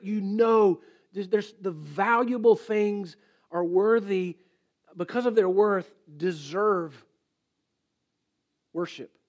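Male pastor, light high voice, emphatic sermon delivery. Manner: emphatic preaching, rising and falling loudness; reads scripture aloud slowly.

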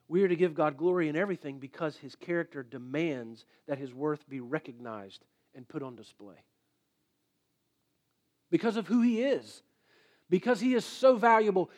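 Male pastor, light high voice, emphatic sermon delivery. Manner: emphatic preaching, rising and falling loudness; reads scripture aloud slowly.

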